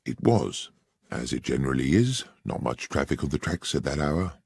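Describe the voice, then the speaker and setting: A plain country railwayman, as a male narrator puts him on, answers politely and matter-of-factly. His voice is deep and gravelly. It is a close, dry storybook reading. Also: very animated, normal speed, darkish tone, no room sound, exaggerated voice. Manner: plain, deferential and matter-of-fact. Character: plain-spoken rural railway stationmaster.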